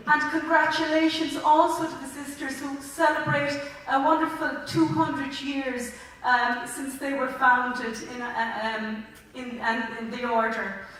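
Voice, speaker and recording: A woman's voice: sits high, fairly bright tone. An Irish woman, a school principal, giving a heartfelt, chatty ceremony welcome speech with some stumbles, in a large indoor sports hall. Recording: echoey hall from far off.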